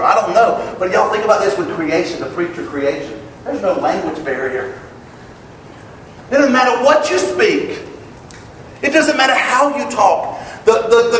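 A man preaching a sermon to his congregation, emphatic and building to loud exclamations. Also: high-pitched, expressive, moderate pace, far from the mic, slight background noise. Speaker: pastor. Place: church sanctuary. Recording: echoey hall, picked up from afar.

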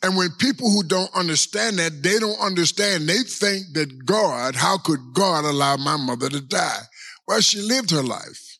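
A male pastor preaching a sermon with a gravelly, husky edge to his voice. His tone is bright and somewhat high for a man. He stretches out his phrases and keeps turning to the congregation with rhetorical questions. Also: expressive, soft background music. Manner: preaching with long drawn-out pauses and repeated rhetorical questions.

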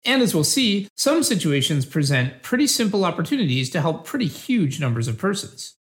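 A man's voice: a little high, big pitch swings. A man reading an earnest utilitarian debater. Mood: calm. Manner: measured, patient, explanatory. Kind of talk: scripted philosophical dialogue.

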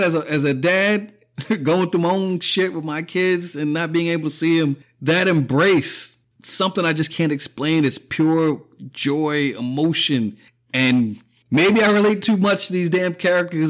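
A man hosting a podcast, talking through a casual opinion monologue, emotional and profane, choking up and laughing often. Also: a little high. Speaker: podcast host.

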